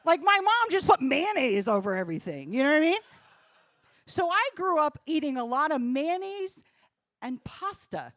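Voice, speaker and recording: Animated New woman doing stand-up. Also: sits high, normal speed, no room sound. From New Jersey. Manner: punchy, self-deprecating, talks to the crowd. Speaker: stand-up comedian. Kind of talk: stand-up comedy. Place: comedy club stage.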